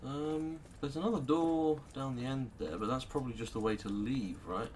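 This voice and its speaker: A man's voice: medium pitch, moderate pace, a little mellow, slight background noise. A British man hosting a let's play, muttering casual gameplay commentary in a sarcastic manner and swearing freely. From Britain.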